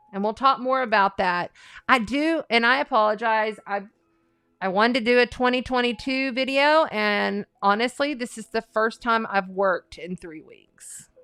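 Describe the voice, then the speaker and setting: A woman's voice: mid-range voice, fairly bright tone, clean tone, no room sound. A woman hosting a live astrology and tarot stream, talking in a chatty, rambling and folksy way. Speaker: astrology and tarot livestream host. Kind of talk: casual livestream chat.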